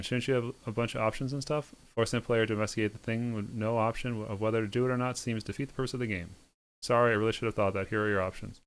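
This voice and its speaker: Fast, smooth-voiced man reading a game deadpan. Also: fairly low pitch. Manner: sardonic, quick deadpan delivery with snarky asides. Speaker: game streamer reading a visual novel aloud. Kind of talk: reading game text aloud with comic asides.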